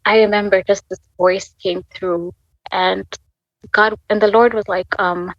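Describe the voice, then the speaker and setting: A woman in her twenties telling an emotional faith story as a podcast guest. She speaks haltingly, restarts often, and laughs through tears. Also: medium pitch, fairly even intonation, dry recording, dull audio. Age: 20s. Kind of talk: emotional personal testimony.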